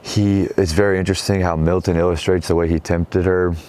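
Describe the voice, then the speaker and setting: Very deep, flat-voiced casual man. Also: a little fast. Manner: slangy, animated quoting of characters. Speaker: show host. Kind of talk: casual retelling of a story.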